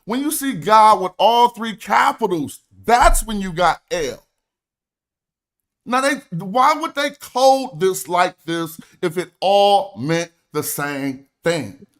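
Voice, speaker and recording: A young man with a notably high, slightly bright voice gives a lecture on his livestream, pressing his points hard and reading passages from his notes. He speaks slowly with lively intonation, in an emphatic, argumentative way, like someone out to prove a case.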